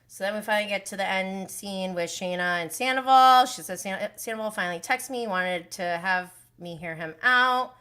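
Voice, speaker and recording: A woman's voice: mid-range voice, moderate pace, few pauses, pushed and bright, smooth. A young woman hosting a casual recap livestream, emotional and outspoken, swearing freely as she reacts. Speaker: reality TV recap host.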